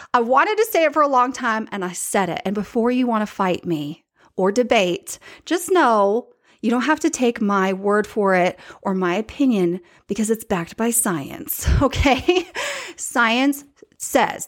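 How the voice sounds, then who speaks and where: A woman hosting a podcast, talking in an emphatic, chatty way, repeating her key points and speaking straight to her live viewers. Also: a little high. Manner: addresses live viewers directly. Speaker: podcast host. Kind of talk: casual solo podcast monologue.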